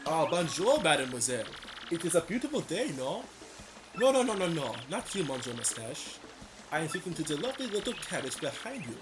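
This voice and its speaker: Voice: mid-range voice, big pitch swings, brisk, lightly acted. A man voicing a sleazy, flirtatious male charmer with a put-on French accent, over game music. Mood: flirting. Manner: smarmy, theatrical. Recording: game music playing behind.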